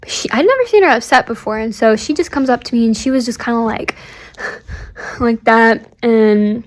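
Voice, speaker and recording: A young woman speaks into a phone held close, pouring her heart out to her sister in a video diary. Her voice sits a little high, and she wanders through her thoughts with many "likes" and "ums." She often sinks into a hushed, near-whispered tone. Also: animated, brisk. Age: young adult. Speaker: church staff member recording a video diary. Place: at home on a couch.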